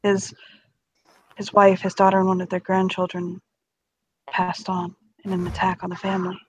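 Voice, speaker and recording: A woman's voice: lowish voice, completely flat delivery, normal speed, a little hiss or hum. A woman playing a character in a tabletop role-play, shifting between hesitant narration and polite, formal in-character speech. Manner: hesitant, restarts, polite in character, laughs at herself. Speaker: player.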